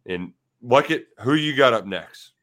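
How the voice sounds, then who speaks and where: A man's voice: mid-range voice, expressive, measured pace, fairly bright tone. A man co-hosting a casual sports betting chat, with playful, self-mocking banter. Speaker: podcast co-host.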